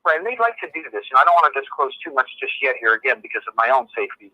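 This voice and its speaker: Bright-voiced male caller, guarded. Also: medium pitch, big pitch swings, very fast, no room sound, rough recording. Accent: New York. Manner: earnest, guarded, explanatory. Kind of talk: phone-in conversation.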